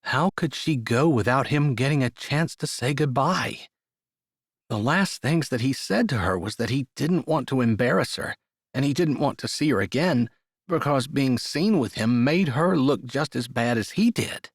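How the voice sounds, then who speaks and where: Reading from a script, a male narrator tells a romance story at a measured, steady pace. His voice is an ordinary mid-range one, captured close and completely dry.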